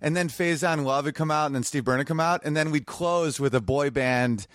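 A man who is a comedian guest, telling crude stories in casual podcast chat, lively and breaking into sung bits. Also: on the high side, fairly quick, dry recording, studio quality. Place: home man cave.

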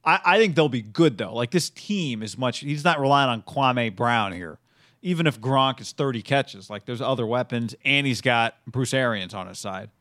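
Steady man reading betting lines. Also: medium pitch, no echo, studio quality. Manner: measured, reads stats and lines. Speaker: sports betting podcast host. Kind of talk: casual sports chat.

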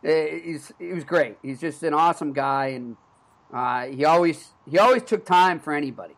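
This thirtysomething Boston podcast host talks sports and shares stories sincerely, as if chatting with a friend. His pitch runs on the high side and his pace is moderate.

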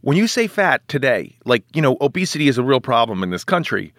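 Male actor guest, 40s, middle pitch, rambling and self-deprecating, close dry studio mic. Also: very animated, fast, a bit bright, dry recording. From United States. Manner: rambling, self-mocking, many restarts. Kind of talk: casual podcast interview.

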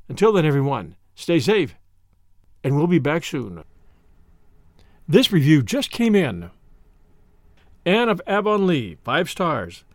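Lively high-voiced male storyteller. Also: normal speed, dry recording. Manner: lively, expressive reading with many character voices. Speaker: audiobook reader and podcast host. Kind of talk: expressive storybook narration.

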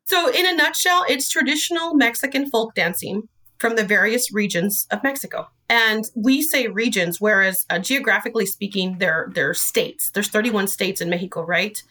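A woman's voice: medium pitch, normal speed, pushed and bright, distant mic. A woman who directs a dance studio, telling her story as an interview guest in an earnest, emotional way. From Idaho.

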